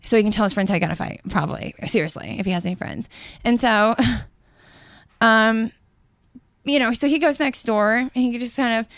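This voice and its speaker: A woman's voice: a little high, normal speed, dry recording. Profane storytelling woman, dry close mic. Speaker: podcast host. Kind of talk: casual storytelling chat. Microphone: studio microphone.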